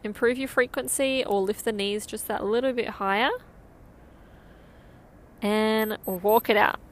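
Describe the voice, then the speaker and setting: A woman's voice: a little high, steady tone, a little slow. Upbeat woman coaching a run. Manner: upbeat, encouraging, counts down. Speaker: running coach. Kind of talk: guided interval run coaching.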